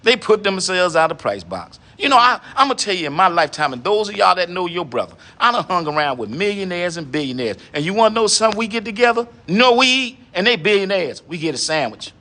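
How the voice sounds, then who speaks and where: A man's voice: high voice, sing-song, fast talker, hardly any pauses, sharp tone. A middle-aged man, lecturing in a preachy monologue and firing off rhetorical questions, often adding "huh?". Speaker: online commentator addressing women.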